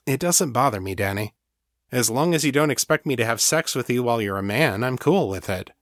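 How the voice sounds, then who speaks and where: A man voicing a playful, smooth-talking male psychologist in an audiobook. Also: medium pitch, animated, fairly quick, fairly bright tone, no echo, studio quality, close to an everyday voice. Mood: reassuring.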